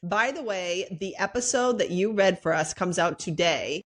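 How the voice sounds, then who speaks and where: A woman's voice: on the low side, moderate pace. A woman podcast co-host chatting casually, effusive and reassuring toward her guest. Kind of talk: casual interview chat.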